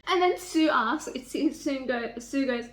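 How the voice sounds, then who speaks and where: Speaking at a measured pace in a high-pitched voice, a young adult woman reads from a romance novel for her casual reading vlog. She sits in a home room by a heater, gushing excitedly over the characters and swearing often.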